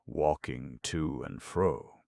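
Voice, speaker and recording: A man narrating an audiobook play, reading stage directions in a flat, matter-of-fact way. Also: rumbling low, slow, creaky, no room sound, clean studio sound.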